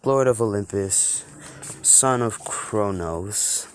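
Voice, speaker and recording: A man putting on a booming god of thunder. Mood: grandiose. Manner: grand, slow self-introduction. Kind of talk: amateur storytelling.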